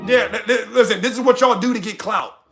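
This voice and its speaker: A young American man streaming casually, reading chat and ranting loudly with plenty of cussing. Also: high-pitched, fairly quick, music in the background. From United States. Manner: loud, animated, cussing rants. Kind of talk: casual livestream commentary.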